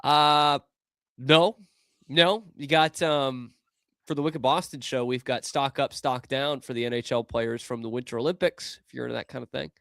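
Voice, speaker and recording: A man's voice: mid-range voice, steady tone, normal speed, gravelly, fairly bright tone, no room sound, studio quality. A man co-hosting a sports talk show, chatting casually with frequent filler words. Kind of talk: casual sports radio chat.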